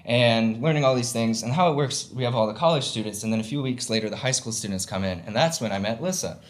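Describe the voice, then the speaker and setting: A man's voice: mid-range voice, fast talker. Chatty young man telling a story. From Southern United States. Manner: chatty, filler-heavy, laughs while telling. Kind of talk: live comic storytelling. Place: stage before a live audience.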